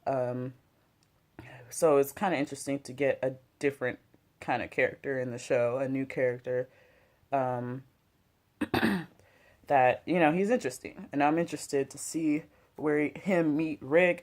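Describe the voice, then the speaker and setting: A host at home, drinking and smoking, chats casually through a review of a TV episode. The talk is loose and slangy, peppered with "like," "you know," and the occasional swear word. The voice is medium-pitched and steady, with a darkish tone at a normal speed.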